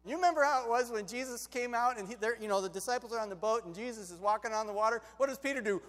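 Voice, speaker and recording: Preacher, man, storytelling sermon, high voice, big reverberant hall. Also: fast talker, few pauses. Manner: lively, conversational, shifts between loud and hushed.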